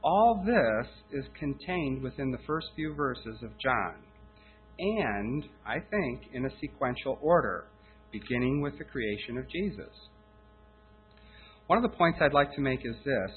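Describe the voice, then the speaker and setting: A man delivering a sermon talk in a measured, explanatory manner, restarting phrases now and then. The sound is thin and phone-like, with a mains hum and faint music underneath. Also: mid-range voice, animated. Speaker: Bible teacher.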